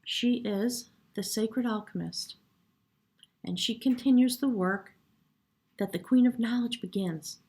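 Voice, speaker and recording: A woman giving a spiritual tarot reading in a soft, reverent way, sometimes dropping to a hush and getting choked up. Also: a little high, unhurried. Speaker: tarot reader.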